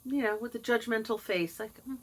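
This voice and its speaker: A middle-aged vlogger delivers a casual monologue to camera, sarcastic and mocking, doing voices whenever she quotes someone. Her voice sits a little high and she talks a little fast.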